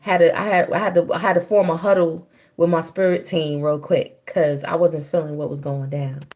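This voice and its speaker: A woman's voice: deep voice, steady tone, normal speed, darkish tone. Chatty woman streaming a spiritual reading. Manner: loose and chatty, breaks off to scold children. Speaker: spiritual reader on a livestream. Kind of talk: casual livestream talk.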